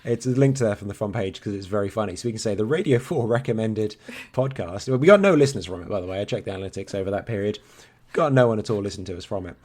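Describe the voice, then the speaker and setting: A man's voice: fairly low pitch, expressive, fast talker, darkish tone. A man in his thirties, co-hosting a podcast in casual, rambling chat and swearing freely. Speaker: podcast co-host.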